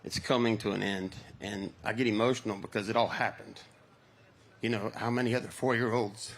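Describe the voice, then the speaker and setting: A man's voice: on the low side, fairly even intonation, fairly quick, a little hiss or hum. A middle-aged man, a pro angler, speaking emotionally and from the heart on an outdoor stage.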